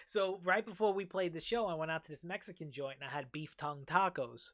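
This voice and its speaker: A young man hosting a casual chat, telling a long story in an animated way and swearing freely. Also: a little high, a little fast. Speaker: podcast host.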